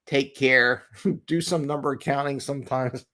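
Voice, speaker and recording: A man's voice: mid-range voice, moderate pace, fairly bright tone. A middle-aged man hosting a casual live show from home, talking earnestly and rambling, with repeats and small laughs. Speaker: agile coach and show host. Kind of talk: casual live-stream talk. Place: home, with a cat nearby.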